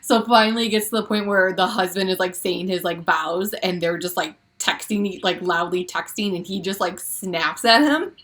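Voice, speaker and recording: A woman's voice: lowish voice, normal speed, hardly any pauses, fairly bright tone. A woman co-hosting a casual pop culture podcast, gushing and laughing often, with many "like"s. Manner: gushing, giggly, lots of "like". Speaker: podcast co-host.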